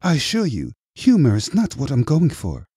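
A sharp female agent and psychologist in her forties, put on by a man reading an audiobook, raised well above his usual pitch with lively swoops. She probes in a measured way. The voice sounds mellow and a little husky, close and dry. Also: no echo, exaggerated voice. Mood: probing. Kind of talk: audiobook character voice.

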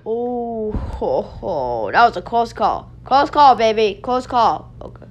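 A woman hosting a casual gameplay video, excitable, yelling and laughing as she plays. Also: fairly high pitch, takes it slowly, hardly any pauses. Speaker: gaming video host.

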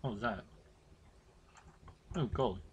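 A teenage boy hosting a horror game playthrough, chatting to viewers in rambling asides and swearing loudly when startled. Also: fairly low pitch, slow, muffled recording, slight background noise. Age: teens. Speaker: gaming channel host. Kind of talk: horror game let's play commentary.

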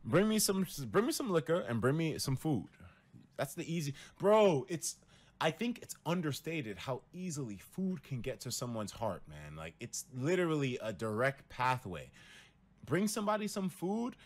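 A young man talking casually to his viewers on a livestream, telling stories and acting out quotes with loud jumps in pitch and lots of cursing. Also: normal speed. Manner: animated storytelling, acts out quotes with big pitch jumps and cursing. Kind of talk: casual stream talk to viewers.

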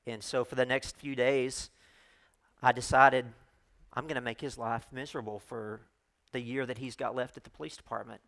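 A middle-aged man preaches as a guest speaker in a mid-pitched voice. He tells his story candidly and conversationally, with self-deprecating asides. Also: level tone, moderate pace, gravelly, fairly bright tone. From United States. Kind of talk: sermon storytelling.

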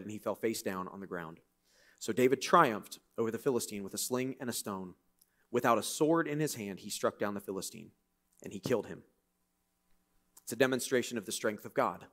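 A man preaching a sermon in a church, reading scripture and breaking into lively, conversational, joking asides. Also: medium pitch. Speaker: pastor.

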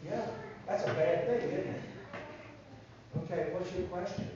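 Guy giving a kids sermon, high voice, lively, super echoey church from far off, kinda dull. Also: a little slow, very noisy. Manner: animated, asks the children questions. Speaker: pastor telling a story to children. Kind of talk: children's sermon storytelling. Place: church sanctuary.

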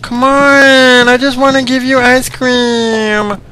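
A man's voice: very high-pitched, level tone, slow, sharp tone, pitched above the performer's own voice, exaggerated voice. A man voicing a creepy candy man who coaxes a child with promises of ice cream. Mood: coaxing. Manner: coaxing, wheedling, sing-song.

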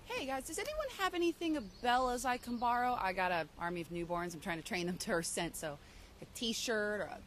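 A woman's voice: on the high side, expressive, fairly quick, fairly bright tone. A woman playing an offhand scheming vampire. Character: scheming female vampire raising an army.

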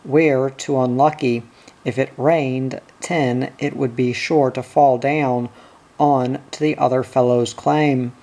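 A man voicing a grumbling gold-miner who trades gruff insults, read slowly. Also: mid-range voice, steady tone, a little mellow. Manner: gruff, wrathful retorts.

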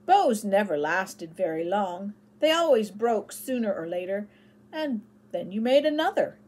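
A woman narrating a children's chapter book aloud with expressive storytelling. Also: medium pitch, husky.

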